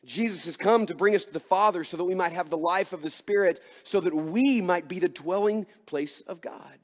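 A man's voice: high voice, normal speed, in a large hall. A man preaching a sermon as pastor, earnest and emphatic, asking his listeners rhetorical questions.

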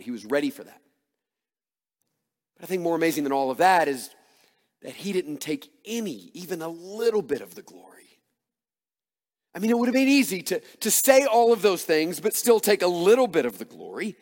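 A man's voice: a little high, lively intonation, brisk, in a large hall. A man preaching a sermon, earnest and emphatic, asking rhetorical questions as he explains a passage. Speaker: pastor.

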